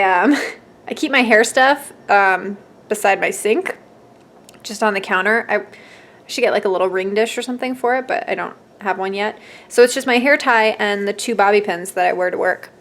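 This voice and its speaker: A woman's voice: medium pitch, moderate pace, fairly bright tone. A young woman chatting casually at home in a stitching vlog, talking with frequent fillers and small laughs. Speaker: stitching vlogger.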